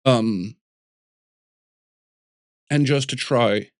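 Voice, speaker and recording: A man in a relaxed interview chat who tells stories with lots of restarts and quick bursts of voices. His pitch sits mid-range for a man. The sound is dry and close to the mic. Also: dry recording. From United States. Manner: animated storyteller, jumps into voices and restarts. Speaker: guest sculptor.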